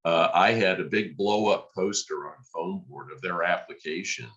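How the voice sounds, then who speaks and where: A man, a podcast guest, telling a lively story and acting out the dialogue. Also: low-pitched, moderate pace, highs cut off. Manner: animated storyteller, acts out quoted dialogue. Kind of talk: storytelling in conversation.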